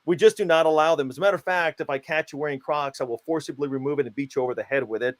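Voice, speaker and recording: A man giving playfully absurd, mock-stern interview answers in a deadpan comic style. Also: on the high side, very fast. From United States. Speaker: guest, self-declared country founder.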